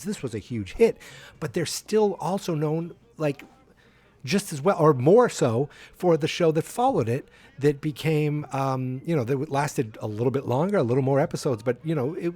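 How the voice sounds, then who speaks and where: A man's voice: a little high, expressive, moderate pace, a little mellow, breathy edge. A man hosting a podcast who gives a casual, rambling recap of a sitcom episode, full of fillers and restarts. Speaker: podcast host.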